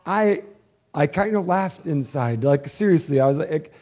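A man preaching a sermon as pastor, swinging between hushed, intimate passages and loud, fervent ones. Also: sits high, moderate pace.

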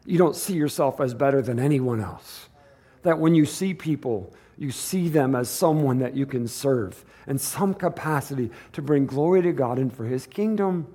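A man's voice: on the high side, normal speed, warm tone. A pastor preaching a sermon to his church in a casual, conversational way, acting out the people in the story as he goes.

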